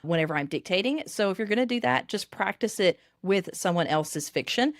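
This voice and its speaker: A woman with a Southern US accent, coaching authors on dictation in an animated podcast interview. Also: medium pitch, a little fast, no echo, studio quality.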